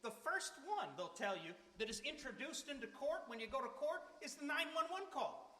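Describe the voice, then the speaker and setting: A high-pitched man delivers an earnest, conversational sermon with a bright, forceful edge. His voice rings around an echoey church hall with a long reverb tail. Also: big pitch swings, moderate pace. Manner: earnest, emphatic, conversational preaching. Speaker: preacher. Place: church sanctuary.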